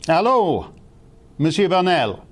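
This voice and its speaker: A man's voice: fairly high pitch, very animated, slow pace. A man sitting in as presenter on a TV news talk show, giving wry, opinionated commentary and interviewing guests. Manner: sardonic, wry and theatrical.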